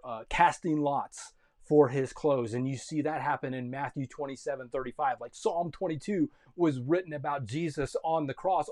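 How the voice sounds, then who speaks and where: A passionate male preacher in his thirties with a voice pitched a little high. He moves between fervent, loud exhortation and hushed, personal storytelling. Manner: impassioned, swings from loud urgent calls to quiet intimate storytelling. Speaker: pastor. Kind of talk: sermon.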